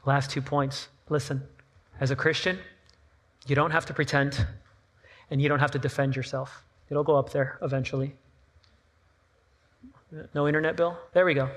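A middle-aged man, a pastor, preaching a sermon with lively rhetorical questions and personal stories. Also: mid-range voice, moderate pace, long pauses.

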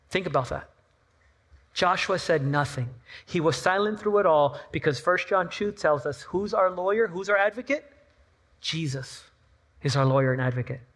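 A middle-aged man, a pastor, preaching a sermon with lively rhetorical questions and personal stories. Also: fairly high pitch.

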